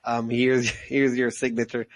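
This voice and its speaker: A man's voice: mid-range voice, level tone, a little slow. Young male podcast co-host, rambly and jokey storyteller, mid-range voice. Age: young adult. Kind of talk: casual chat.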